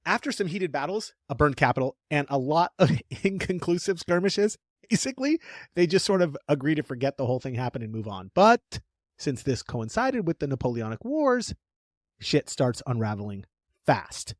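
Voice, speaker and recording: A man co-hosting a casual podcast, telling history as jokey, animated stories. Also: medium pitch, moderate pace, dry recording, clean studio sound. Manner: jokey, animated storytelling with playful put-on voices. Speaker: podcast co-host.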